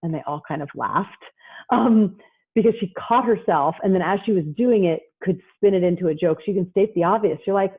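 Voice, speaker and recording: A woman psychologist giving a lively parenting talk, animated and mimicking parents and kids as she goes, heard over a video call. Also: lowish voice, brisk, husky. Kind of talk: lively lecture with acted-out quotes. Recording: tinny phone-like audio.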